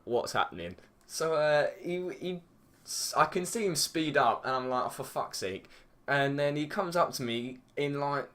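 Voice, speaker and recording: Rambling English teen lad, swearing. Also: male voice, medium pitch, fairly bright tone. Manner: rambling, swears a lot, heavy use of "like". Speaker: vlogger. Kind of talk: casual storytelling.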